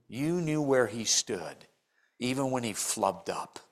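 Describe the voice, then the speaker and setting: An older man preaching a sermon in church, telling stories and acting out the people he quotes with big jumps in his voice. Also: takes it slowly. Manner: animated storytelling, acts out quotes with big pitch jumps.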